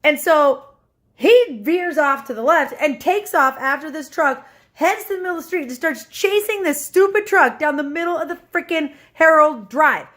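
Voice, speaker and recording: A woman telling a story to her camera at home, animated, acting out voices and sound effects. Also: high voice, normal speed.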